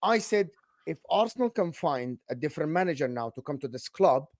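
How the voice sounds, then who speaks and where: A man co-hosting a live football stream, his voice high and lively. He keeps asking the same question and restarts his sentences. The sound is dry and close. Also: no echo. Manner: insistent, repeats questions, halting. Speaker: co-host.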